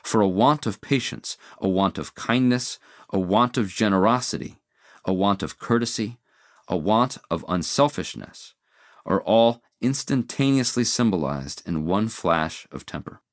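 A man delivering a formal, earnest moral address, reading scripture slowly and deliberately. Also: lowish voice, animated, no room sound, studio quality. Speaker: speaker giving a moral address. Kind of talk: formal inspirational sermon.

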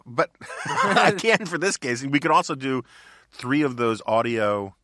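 A man's voice: mid-range voice, sing-song, measured pace, bright, forceful tone, no room sound, studio quality. A man hosting a podcast in casual chat, easygoing and amused. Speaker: podcast host.

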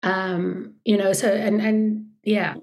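A woman interviewing an artist in a relaxed way, encouraging him and hesitating with fillers as she frames her questions. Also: medium pitch, slow pace. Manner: encouraging, with frequent affirming murmurs and hesitant fillers. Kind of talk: casual interview conversation.

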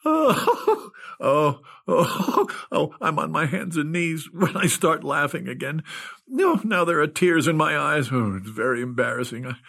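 A man's voice: on the high side, lively intonation, moderate pace, creaky, pushed and bright. A man telling a comic first-person story, giggly and stoned, keeps breaking into laughter.

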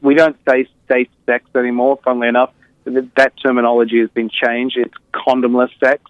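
A man tells his story as an interview guest, candid and reflective, often pausing and restarting. His voice sits at an ordinary middle pitch. The sound is narrow and tinny, like a phone line, with no room echo. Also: level tone. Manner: reflective, with frequent fillers and restarts.

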